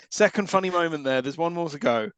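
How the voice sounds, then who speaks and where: A man's voice: on the high side, moderate pace, clean tone, no room sound. A man co-hosting a podcast, making dry, sarcastic jokes about a film. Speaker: podcast co-host. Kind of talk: casual film review chat.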